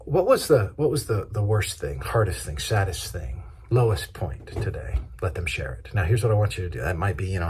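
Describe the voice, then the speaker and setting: Husky-voiced male pastor preaching. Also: deep voice. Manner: conversational, practical teaching with acted-out examples. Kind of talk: sermon.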